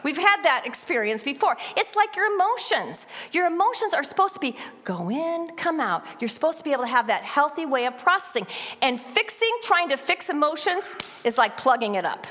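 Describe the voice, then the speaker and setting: A middle-aged woman leads a parenting class at church, speaking earnestly to a live audience. Her voice sits fairly high for a woman. The sound carries a long reverb, as in a large hall. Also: big pitch swings, fairly quick, hardly any pauses, sharp tone. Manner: earnest, illustrates with acted-out child voices.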